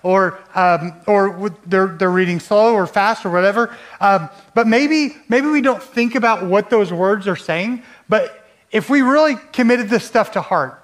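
High-voiced man preaching a sermon. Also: unhurried, fairly bright tone. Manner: conversational preaching with rhetorical questions. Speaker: pastor.

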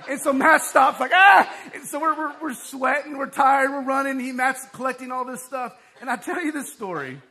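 A man preaching a sermon in a conversational, storytelling way, growing animated as his story builds. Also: very high voice, moderate pace, hardly any pauses. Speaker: pastor.

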